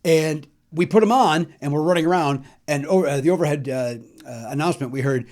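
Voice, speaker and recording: A middle-aged comedian from Chicago hosts a podcast, telling joking stories about old records in a chatty, self-deprecating way and singing snatches of songs. His voice is a little high, a little fast and a little mellow, with few pauses.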